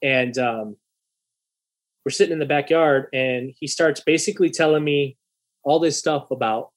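This young man's voice runs a bit high and moves at normal speed as he relates a casual story. He curses freely and acts out a heated quarrel in lively quoted dialogue.

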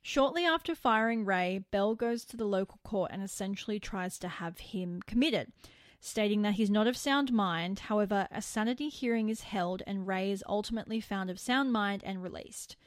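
A woman co-hosting a casual podcast, narrating a true-crime case with animated, incredulous asides. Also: mid-range voice, normal speed, no room sound, clean studio sound.

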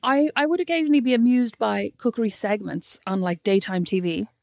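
A woman's voice: mid-range voice, creaky, a little mellow, no room sound. A young pregnant woman, teasing and telling stories in casual podcast chat. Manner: teasing, storytelling with quick quoted voices.

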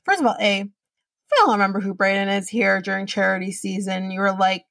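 A woman's voice: medium pitch, a little fast, gravelly, fairly bright tone, no echo, recorded from a distance. A woman hosting a podcast, recapping a reality show in a chatty way, swearing casually and using lots of fillers. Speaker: podcast host.

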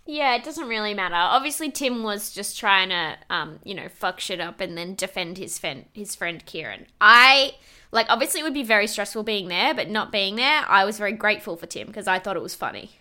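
A woman's voice: mid-range voice, lively intonation, a little fast, pushed and bright. A woman co-hosting a podcast, recapping a reality show in casual chat, laughing often and swearing freely. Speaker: podcast co-host.

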